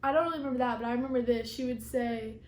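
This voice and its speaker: High-voiced young woman in an echoey room. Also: very fast, a little mellow, a little hiss or hum. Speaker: vlogger, co-host. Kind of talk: casual storytelling. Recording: roomy echo.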